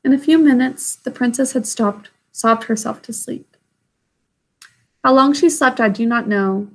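A woman's voice: a little high, measured pace. A woman reading a classic children's novel aloud chapter by chapter, then chatting about it. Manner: friendly, explanatory. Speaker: storybook reader.

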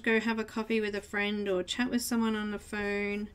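A woman's voice: mid-range voice, big pitch swings, fairly quick, hardly any pauses, slight background noise. An Australian woman hosting a live coloring tutorial, chatting with viewers in the chat and murmuring to herself as she works. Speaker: live art tutorial host. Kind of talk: casual live-stream chat while coloring.

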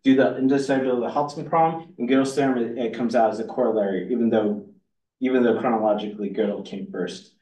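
A man's voice: mid-range voice, brisk, warm tone. A man giving a university lecture, rambling and restarting his sentences with many fillers. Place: lecture hall. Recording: roomy hall audio from far off.

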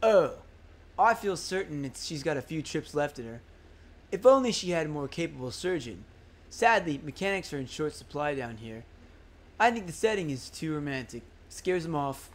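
A man voicing a wistful old male river-rat boat captain in a video game, musing slowly. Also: a little high, animated, natural voice. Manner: slow, musing, folksy storytelling.

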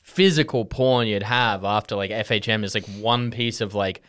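A man's voice: on the low side, fairly bright tone, clear, resonant tone. A man in casual podcast chat, telling a story packed with "like" fillers. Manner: fast, filler-heavy telling with lots of "like".

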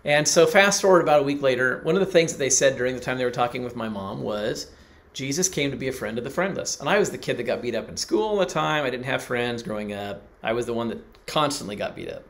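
A man's voice: mid-range voice, lively intonation, quick pace, few pauses, a bit bright. Man telling a personal story in a sermon. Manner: personal storytelling, acts out quoted voices. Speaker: pastor.

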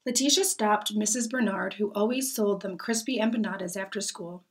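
A woman reading a children's picture book aloud in a gentle, expressive storytelling manner. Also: medium pitch, normal speed, few pauses. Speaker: storybook reader.

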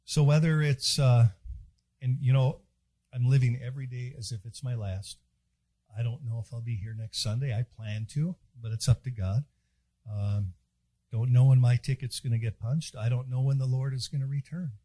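A man's voice: mid-range voice, steady tone, normal speed, warm tone, husky, dry recording. A man preaching a sermon in a chapel, folksy and joking as he tells stories.

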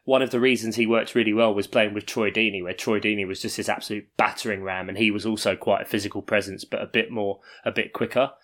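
A man's voice: lowish voice, steady tone, fast, few pauses, fairly bright tone. Jokey man co-hosting a podcast. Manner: jokey, riffing on numbers. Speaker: podcast co-host. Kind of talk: casual chat.

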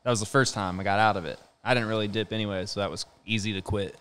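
A man's voice: on the low side, fairly even intonation, quick pace, fairly bright tone, clear, resonant tone. Laughing man telling stories. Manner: storytelling, laughs often, swears casually. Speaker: podcast host. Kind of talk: casual chat.

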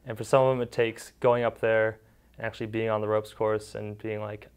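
A young man who was once a camper and counselor recalls camp memories in an interview, speaking fairly quickly in a clear, resonant, lowish voice. His storytelling is relaxed and full of "like" fillers, and he acts out things the kids said.

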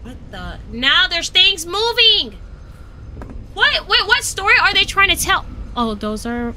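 A young adult woman streaming a game live, reacting with excited exclamations and chatting to her viewers. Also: extremely high pitch, measured pace, slight background noise. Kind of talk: live gameplay commentary.

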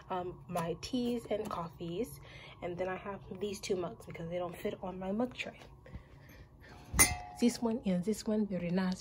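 A woman's voice: lowish voice, mellow. Young woman chatting through a room tour, out of breath, lots of ums, faint noise behind. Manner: chatty, rambling with many ums. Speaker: vlogger. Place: her bedroom, indoors.

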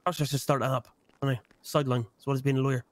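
A man with a West Country English accent, playing a lawyer in a role-play game and chatting calmly with plenty of fillers. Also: medium pitch, very fast, no room sound. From South West England. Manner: calm, chatty, with many fillers and restarts. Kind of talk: in-character role-play banter.

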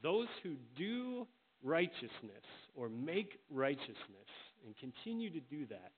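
A man preaching a sermon as pastor, earnest and emphatic, slowing down to stress the words he quotes. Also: fairly high pitch, very animated. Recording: tinny phone-like sound with faint hiss.

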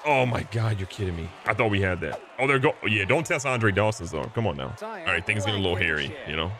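A man giving casual, excitable gameplay commentary, joking at himself and talking to his players. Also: lowish voice, fast talker, a crowd in the background. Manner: excitable, self-mocking, talks to the players. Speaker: gaming video host.

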